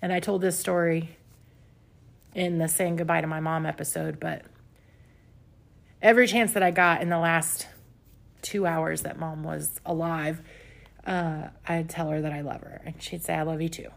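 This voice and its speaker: Gravelly-voiced woman sharing candidly. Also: low voice, fairly even intonation, moderate pace, long pauses. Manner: candid, confessional, with soft laughs. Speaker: podcast host. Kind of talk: personal self-help podcast talk. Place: home with pets nearby.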